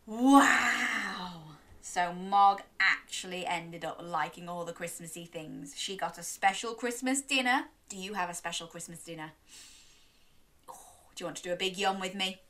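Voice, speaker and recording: A woman's voice: lowish voice, normal speed, bright, forceful tone. A young woman reading a children's story aloud, sing-song and encouraging, gasping and inviting little listeners to join in.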